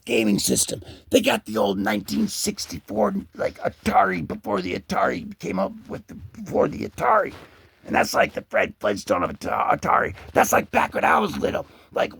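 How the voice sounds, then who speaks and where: A man hosting a comic book video, rambling excitedly over the pages and slipping into goofy character voices. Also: a little high, gravelly, husky, no room sound, clean studio sound. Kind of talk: excited comic page commentary.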